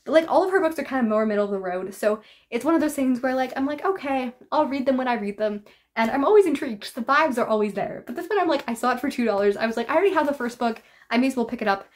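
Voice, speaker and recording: A woman's voice: high-pitched, expressive, fast talker. A woman book vlogger chatting casually through a book haul, full of filler words and laughing asides.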